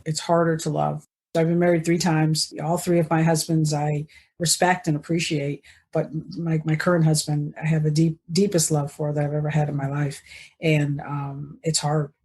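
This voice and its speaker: A woman's voice: low voice, flat delivery, moderate pace, darkish tone. A woman in her fifties, a podcast guest, talking in a chatty, casual way, often laughing and trailing off mid-thought. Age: 50s. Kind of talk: casual interview chat.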